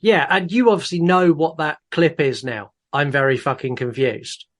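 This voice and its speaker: A man's voice: a little high, moderate pace. A man co-hosting a casual movie podcast, joking and rambling a bit. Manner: jokey, rambling, self-deprecating. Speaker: podcast co-host.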